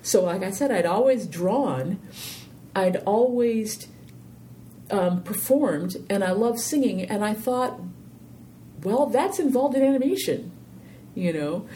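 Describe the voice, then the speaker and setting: Woman, interview guest, warm mellow tone, rambling and animated, faint low rumble behind. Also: slow. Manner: rambling, animated storytelling with many "you know"s. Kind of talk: casual interview conversation.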